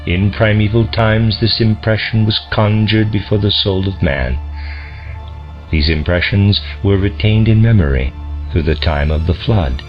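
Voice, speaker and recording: A man reading a lecture aloud in a slow, deliberate, solemn manner, on a dull lo-fi recording. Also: lowish voice, faint music behind. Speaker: audiobook reader.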